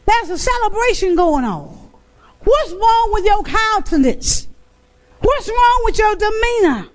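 A woman's voice: very high voice, very animated, measured pace, voice pushed up, exaggerated voice. A woman preacher voicing a concerned father questioning his sulking son during a sermon. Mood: pleading. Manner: pleading, questioning.

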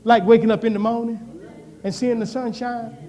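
A man's voice: extremely high pitch, little pitch movement, normal speed, warm tone. A male pastor a sermon, with call and response and swings in intensity. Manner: preaching with call and response, rising and falling intensity. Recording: reverberant church hall.

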